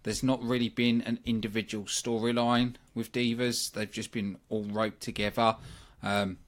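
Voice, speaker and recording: A British man hosting a wrestling review at a mid-range pitch, talking in a loose, opinionated way. He breaks up his points with plenty of ums and asides, like someone chatting off the cuff. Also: flat delivery, moderate pace. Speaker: wrestling review podcast host. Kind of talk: casual solo review.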